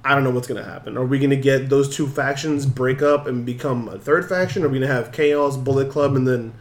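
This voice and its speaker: A man co-hosting a casual podcast chat, telling stories in an animated way and acting out what others said. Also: medium pitch, fairly quick, roomy sound. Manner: animated storyteller, acts out quotes.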